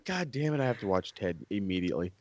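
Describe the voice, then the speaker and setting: A man's voice: on the low side, big pitch swings, fast, dry recording, highs cut off. A man co-hosting a podcast in casual chat, jokey and profane, always teasing. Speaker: podcast co-host.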